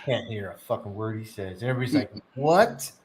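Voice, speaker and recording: A man's voice: lowish voice, rapid-fire, roomy sound, noisy background. A man in crude, laughing casual banter, swearing freely and mimicking people he talks about. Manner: profane, laughing, mimics others. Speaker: co-host.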